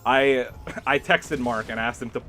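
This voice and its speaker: A man's voice: mid-range voice, fairly even intonation, measured pace, pushed and bright, faint music behind. A young man streaming a game, chatting loosely with lots of laughter and filler words as he rambles through a story. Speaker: gaming streamer. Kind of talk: casual livestream chat while gaming.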